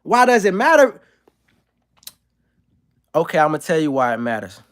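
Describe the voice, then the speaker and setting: A man's voice: a little high, big pitch swings, moderate pace, fairly bright tone. A man streaming live, delivering a provocative, profane and emphatic monologue to his chat.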